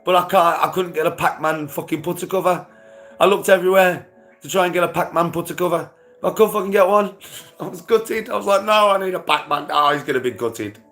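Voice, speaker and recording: A man's voice: sits high, brisk, fairly bright tone. A man livestreaming casual chat to his viewers, rambling and swearing, with frequent laughter.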